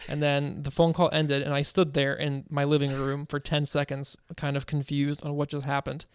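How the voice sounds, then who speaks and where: Animated, smooth-voiced male podcast co-host. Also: a little high, moderate pace, no room sound, clean studio sound. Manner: animated storyteller, laughs while telling. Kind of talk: casual gaming podcast chat. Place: home.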